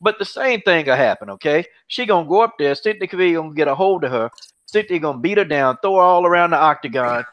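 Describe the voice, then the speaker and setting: A man's voice: on the high side, lively intonation, fast. A man hosting an MMA podcast who talks in a heated, mocking way, repeating himself and swearing freely. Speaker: podcast host. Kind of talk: heated casual MMA chat. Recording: dull, lo-fi podcast audio.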